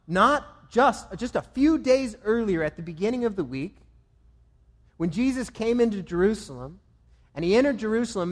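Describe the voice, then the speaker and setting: A man preaching a sermon, swinging between loud emphatic lines and low, quiet ones. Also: long reverb tail. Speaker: pastor.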